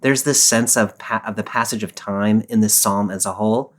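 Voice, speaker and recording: A man co-hosting a podcast, explaining a psalm in a measured, patient way and quoting its verses. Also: fairly low pitch, fairly even intonation. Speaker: podcast co-host and Bible scholar. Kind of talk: casual discussion.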